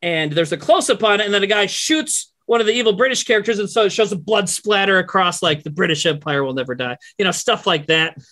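A man chatting excitedly on a livestream, rambling and peppering his talk with filler words and crude language. His voice is bright and sharp, with a lively, swinging pitch. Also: fast talker, hardly any pauses. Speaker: comedy troupe member on a livestream. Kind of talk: casual banter.

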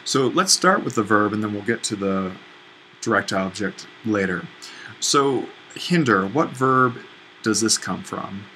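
Man, teacher, screencast lesson, thinking aloud, self-correcting, lowish bright voice. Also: lively intonation, measured pace, a little hiss or hum, low-quality recording. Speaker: Greek teacher. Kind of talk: screencast lesson walking through an exercise.

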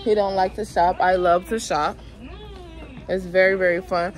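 Speaking at normal speed, this young female vlogger has a voice on the low side with little pitch movement. Chatty and often breathless, she talks casually to camera, addressing her viewers directly.

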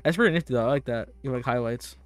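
A young man who makes gaming YouTube videos gives casual gameplay commentary in a mid-range voice at a quick pace. He's boastful, playful and hyped-up, repeating himself for fun.

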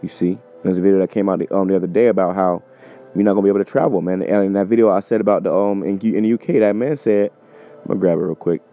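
A man delivers an informal, emphatic sermon, swearing freely and punctuating his points with "man". His voice sits fairly low. The sound is thin and phone-like, with faint music underneath. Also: steady tone, racing. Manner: profane, emphatic, repeats "man". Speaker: preacher. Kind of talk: informal preaching with scripture reading.

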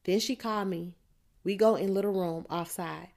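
A woman reading a first-person audiobook, narrating in a steady street-dialect teen voice. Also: medium pitch, normal speed, creaky.

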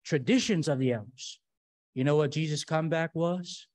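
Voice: medium pitch, moderate pace, a little mellow. A preacher giving an emphatic sermon, drawing the congregation into call-and-response.

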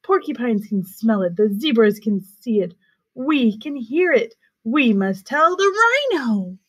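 A woman voicing an excited troop of baboons in a storybook, calling out eagerly. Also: on the high side, a little slow.

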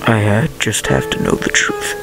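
A man voicing a brooding narrator who has woken from a haunting dream, reading game text in a slow, theatrical way. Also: over loud music, close to an everyday voice, poor audio. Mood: ominous. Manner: slow, gravelly, theatrical delivery.

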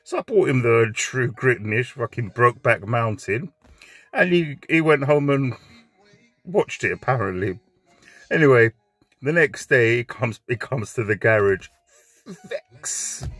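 A man's voice: mid-range voice, animated, unhurried, fairly bright tone, dry recording. A man telling a crude comic story in a chatty, joking way.

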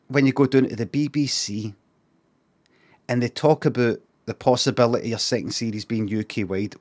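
A Glaswegian man streaming, giving rambling, sweary reaction commentary with lots of restarts. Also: on the low side. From Scotland.

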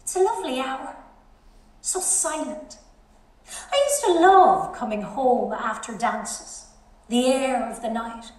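An actress playing a frank, earthy middle-aged wife musing aloud in bed, wry and chatty. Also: female voice, slow pace, darkish tone. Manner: chatty, wry, swinging pitch. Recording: very echoey hall.

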